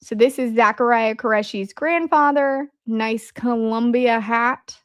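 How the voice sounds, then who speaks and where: A woman's voice: a little high, a little slow, clean tone, no room sound, studio quality. A woman with a Midwestern American accent hosting a casual livestream, chatting and joking with her viewers. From Midwest of the United States. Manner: chatty, joking asides to chat. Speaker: livestream host.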